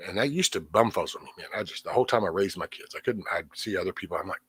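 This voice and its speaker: Low husky rambling man. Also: racing, fairly bright tone, no room sound. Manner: rambling, frequent cursing, trailing off. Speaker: livestream host. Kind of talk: casual venting livestream chat. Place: home.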